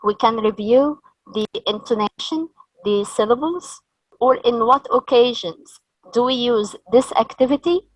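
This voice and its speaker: A woman from Egypt leading a teacher training session, explaining slowly and modelling sounds and intonation patterns. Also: fairly high pitch, dry recording, low-quality recording.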